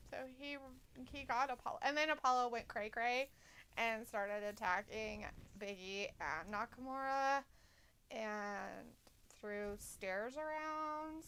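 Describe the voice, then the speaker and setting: A young woman co-hosting a wrestling live stream in a bubbly, teasing way. Her voice sits high and sounds bright and ringing, with a smooth, clean tone. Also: takes it slowly. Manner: bubbly and playful, teasing chat readers. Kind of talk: casual live-stream chat.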